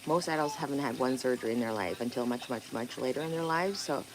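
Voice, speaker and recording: A woman with a very deep voice speaks fast as she hosts an informal livestream outdoors next to a pond. Rambling and swearing now and then, she answers viewer comments aloud, with outdoor sounds in the background.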